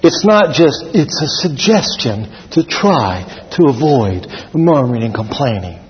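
A man preaching a sermon to a congregation, animated, acting out scenes with shouts and laughs. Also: mid-range voice, unhurried. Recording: dull sound with long hall reverb.

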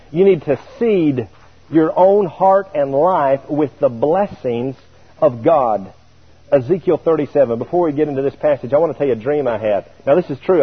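A man preaching a sermon, telling a story in an animated way and chuckling now and then. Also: a little high, husky. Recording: tinny radio broadcast.

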